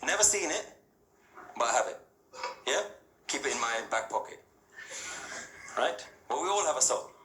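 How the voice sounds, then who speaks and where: A man's voice: mid-range voice, lively intonation, normal speed, long pauses, noisy background. A man giving an interactive talk to a live audience, talking casually and asking them questions, often checking in with "yeah?". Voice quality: conversational, rhetorical, frequent "yeah?" and "right?" check-ins. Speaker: spiritual speaker addressing an audience. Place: hall with an audience. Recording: echoey hall with faint ambience.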